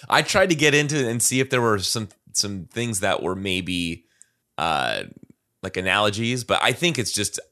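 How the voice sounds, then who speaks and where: Deep and bright, this man's voice is animated and a little slow. As a podcast co-host in a casual conversational analysis, he reads song lyrics aloud and thoughtfully unpacks them, with many fillers.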